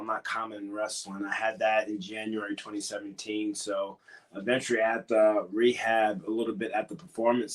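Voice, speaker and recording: A man who wrestles professionally, answering questions in a casual interview, earnest and a bit hesitant, encouraging at times. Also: fairly low pitch.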